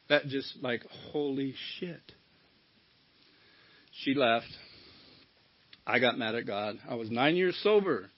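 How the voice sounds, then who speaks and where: At a recovery meeting, a middle-aged man with a creaky, mid-range voice gives a candid personal share, casually swearing as he tells his story. The recording is dull and lo-fi.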